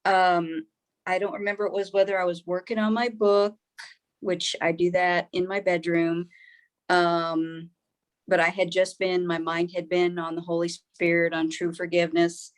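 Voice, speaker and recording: A fairly low-pitched woman shares a personal experience with an online group over a video call. She rambles and halts, filling her pauses with "um" and "like". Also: little pitch movement. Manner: rambling, halting, many fillers. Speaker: group participant. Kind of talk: casual personal sharing.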